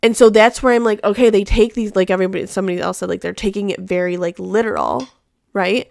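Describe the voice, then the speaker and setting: A woman's voice: mid-range voice, quick pace, vocal fry, darkish tone, no echo, studio quality. A woman hosting a casual live chat, rambling along with many fillers and restarts. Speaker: host; mother.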